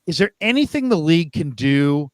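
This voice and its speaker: Male sports host, high pitch, dry close sound, rambling and animated. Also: normal speed, no echo. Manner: rambling, animated, repeats words. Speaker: podcast host. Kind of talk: casual sports talk.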